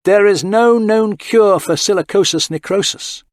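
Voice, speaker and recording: Brief: male reader as a ruthless ship's computer, terse, high, dry-sounding delivery. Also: unhurried, dry recording. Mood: emphatic. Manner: terse, flat insistence. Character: cold emphatic ship computer intelligence.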